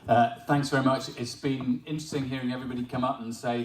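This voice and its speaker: A man's voice: medium pitch, flat delivery, quick pace, few pauses, a little hiss or hum. Man with an English accent giving an offhand awards-night speech, caught by a distant mic in an echoey room. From Wales. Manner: chatty, self-deprecating, laughing at his own story. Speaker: member of parliament. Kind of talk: informal speech at an awards ceremony. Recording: echoey hall, voice picked up from afar.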